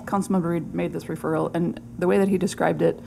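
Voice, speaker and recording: A woman's voice: fairly low pitch, fairly even intonation, quick pace, creaky, mellow, a little hiss or hum, rough recording. A woman on city staff explaining a past referral to a committee. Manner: explanatory, recalling past discussion. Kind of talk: committee meeting discussion.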